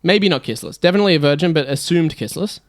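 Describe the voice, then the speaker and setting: An Australian man trading deadpan, wry remarks on a comedy podcast, his voice a touch higher than most men's. The sound is dry and close-miked. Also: fast talker, no room sound. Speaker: podcast co-host. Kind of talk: casual comedy chat.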